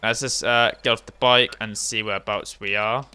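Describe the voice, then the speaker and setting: Bright-voiced gamer, joking and swearing. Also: male voice, lowish voice, steady tone, moderate pace, clean tone. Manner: jokey, swears freely, laughs often. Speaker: let's play co-host. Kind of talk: casual gaming banter.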